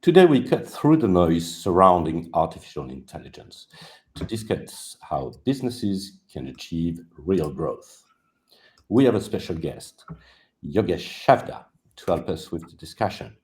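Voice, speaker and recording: A man hosting a live business talk show, giving lively scripted introductions with the odd stumble. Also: sits low.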